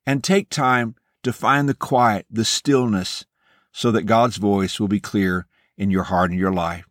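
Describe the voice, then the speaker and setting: A man's voice: lowish voice, no echo, studio quality. Earnest man giving a devotional. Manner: earnest, measured, encouraging. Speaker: host of a devotional podcast. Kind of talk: scripted devotional message.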